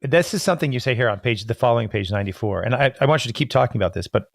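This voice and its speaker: Podcast host, male; gravelly, dry-miked voice, thoughtful and halting as he interviews. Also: medium pitch, animated, dry recording. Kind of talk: interview, reading quotes from a book.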